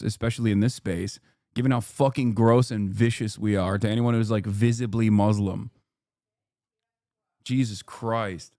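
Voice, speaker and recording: A man's voice: mid-range voice, darkish tone, no echo, studio quality. A man streaming a reaction video, ranting in a heated and profane way and firing off indignant rhetorical questions. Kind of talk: casual live-stream commentary.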